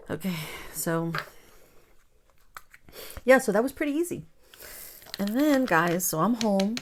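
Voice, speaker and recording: Here the crafting-channel host has a medium-pitched voice with lively intonation, speaking slowly with long pauses over background noise. She's a chatty storyteller who addresses viewers as "guys" and now and then lowers her voice to a whisper as she works.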